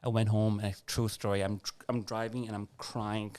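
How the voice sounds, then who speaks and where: A man, a podcast guest, telling a personal story in an earnest, animated way and acting out past conversations. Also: lowish voice, moderate pace. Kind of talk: personal story in a casual interview.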